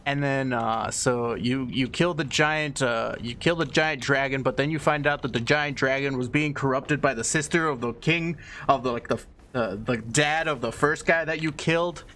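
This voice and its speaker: A man's voice: medium pitch, moderate pace, fairly bright tone. Young guy rambling thru a story, swears a lot, lots of uhs, faint hiss behind. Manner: loose, irreverent, swears freely, many fillers. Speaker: video host. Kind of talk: casual rambling explanation.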